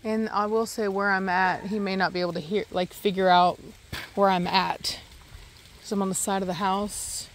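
A woman's voice: mid-range voice, flat delivery, normal speed, a little hiss or hum. A woman vlogging casually outdoors in her yard, rambling and chatty as she does chores with her dogs. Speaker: dog owner vlogger. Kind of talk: casual narration while doing farm chores. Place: outdoors in a yard with a garden and livestock.

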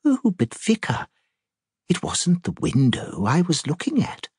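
A man putting on a gentle, fluttery old spinster. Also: fairly high pitch, wildly swooping pitch, unhurried, slightly rough, no echo, studio quality, voice pushed up, exaggerated voice. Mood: gentle, apologetic. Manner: soft, polite and apologetic.

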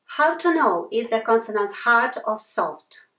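Female teacher, slow and patient, roomy echo, mic set back. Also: a little high, very animated, fairly bright tone. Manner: patient, repeats sounds many times, apologizes for slips. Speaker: language teacher. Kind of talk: slow whiteboard lesson with repeated examples.

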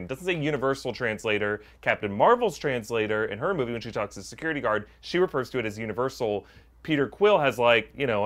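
A man's voice: mid-range voice, a bit bright. A man co-hosting a casual chat, explaining things in detail with many fillers. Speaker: co-host.

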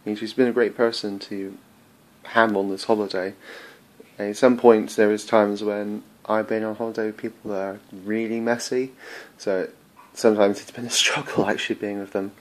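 A man chatting casually in a travel vlog, excitable and full of fillers, filming himself indoors and then outdoors on a handheld camera. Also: fairly low pitch, normal speed. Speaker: travel vlogger. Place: hotel room, then outdoors at a castle.

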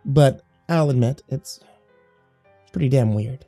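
A man voicing a playful, teasing young wife in a horror story reading, lifting his voice higher and softer. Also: takes it slowly, faint music behind.

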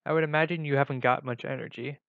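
A man's voice: medium pitch, steady tone, fast, gravelly, no echo, close to an everyday voice. A man voicing a worried, caring teenage girl who pleads with her friend. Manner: concerned, pleading. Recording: dull lo-fi recording.

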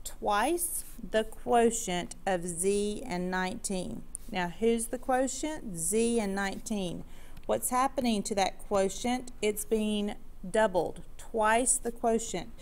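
Woman math teacher, recorded lesson; patient, deliberate, stresses key terms, mildly jokey. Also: mid-range voice, a little mellow. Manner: patient, explanatory, slows down to stress key words; light corny humor for students.

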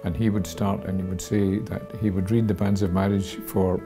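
A man telling a humorous parish anecdote in a measured, dry way. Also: low voice, flat delivery. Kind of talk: storytelling. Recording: guitar music behind.

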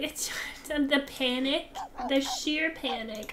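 A young woman casually commenting on a game she plays, gushing and excitable, dropping now and then into soft whispers. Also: fairly high pitch, takes it slowly, noisy background. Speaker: gaming channel host.

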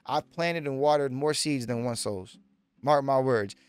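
A man's voice: medium pitch, unhurried, clean tone, dry recording. A man, a pastor teaching in an emphatic sermon style who repeats his points and speaks straight to his listeners. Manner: emphatic, repetitive, direct address to listeners.

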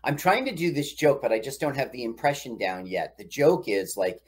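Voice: medium pitch, big pitch swings, a little fast, husky. A podcast co-host chatting casually over a movie, asking questions and joking along. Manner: chatty, asks questions, laughs at the jokes. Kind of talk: casual film commentary.

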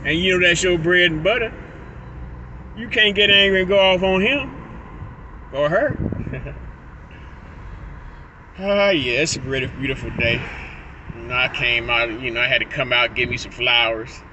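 A man's voice: a little high, moderate pace, pauses often, muffled recording, background noise. A man talking to his phone camera while driving, rambling with stuttered restarts and laughing asides. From Illinois. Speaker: vlogger. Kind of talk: casual vlog monologue. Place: in a car, driving.

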